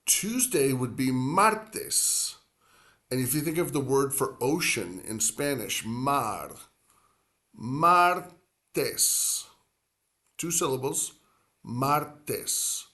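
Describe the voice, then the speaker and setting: A man's voice: mid-range voice, animated, takes it slowly, fairly bright tone. A man teaching Spanish pronunciation, explaining at length with many fillers and drawing out the words he repeats. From grew up near the Atlantic coast. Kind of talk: language lesson.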